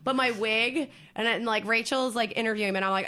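A woman's voice: on the high side, fast, heavy background noise. A woman co-hosting a podcast in loose, profane, rambling casual chat full of fillers. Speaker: podcast co-host.

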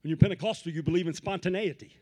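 High-pitched guy preaching pentecostal style, drops quiet then shouts, repeats lines for rhythm. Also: rapid-fire. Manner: dynamic preaching, swings from low asides to shouted peaks; rhythmic repetition of phrases. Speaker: pastor. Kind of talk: Pentecostal sermon.

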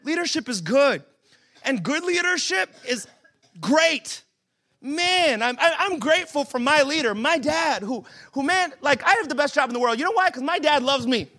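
A man with a strikingly high voice preaches to a church congregation in a loose, joking way. His tone is bright and forceful, and he keeps swinging between casual asides and emphatic, shouted points. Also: lively intonation, moderate pace. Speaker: pastor. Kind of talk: humorous conversational sermon. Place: church service.

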